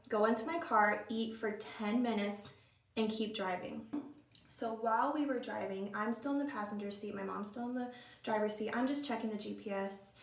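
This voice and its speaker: A young woman vlogger telling a spooky story in a casual get-ready-with-me chat, animated and full of "like" fillers. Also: medium pitch, distant mic. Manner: animated, chatty, lots of "like" fillers. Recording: roomy echo, a bit off-mic.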